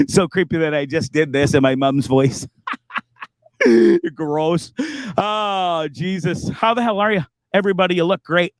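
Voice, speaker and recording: A man's voice: fairly high pitch, no echo. A man hosting his livestream in a casual, profane, joking, rambling way. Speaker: livestream host.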